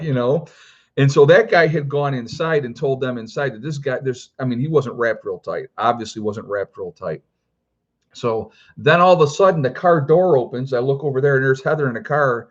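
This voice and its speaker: A man's voice: medium pitch, expressive, moderate pace, muffled recording. Rambling middle-aged man telling a story. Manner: rambling, many "you know" fillers. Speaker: prepper channel host. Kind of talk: casual livestream storytelling.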